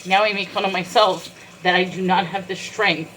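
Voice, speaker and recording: A woman with a lowish voice talks through a raw, tearful rant, fighting back crying as she goes. She is in her home kitchen washing dishes, with the clatter of dishes, running water and food sizzling clearly heard behind her. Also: steady tone, normal speed, fairly bright tone, slight background noise, rough recording. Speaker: vlogger. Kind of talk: emotional personal vlog rant.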